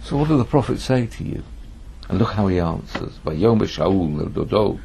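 A man's voice: sits low, animated, normal speed, creaky, mellow, a little hiss or hum. A man teaching a lesson on a biblical text, reading Hebrew verses aloud, translating them, and giving quoted speech dramatic emphasis. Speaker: Bible teacher.

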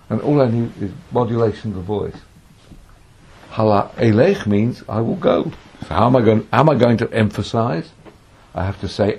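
A man's voice: fairly low pitch, big pitch swings, moderate pace, pauses often, a little mellow, breathy edge. A man teaching a lesson on a biblical text, reading Hebrew verses aloud, translating them, and giving quoted speech dramatic emphasis. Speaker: Bible teacher.

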